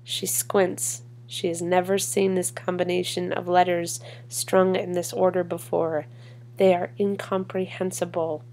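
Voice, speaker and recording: A woman performing a spoken word poem in a measured, deliberate way with long pauses. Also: lowish voice, little pitch movement, a little mellow. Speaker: poetry reader. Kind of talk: spoken word poetry reading.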